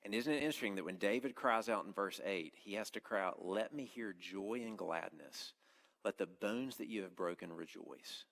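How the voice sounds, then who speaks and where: Gravelly low-voiced male preacher. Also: moderate pace, fairly bright tone. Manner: earnest, conversational preaching with frequent restarts. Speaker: campus minister preaching. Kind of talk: sermon.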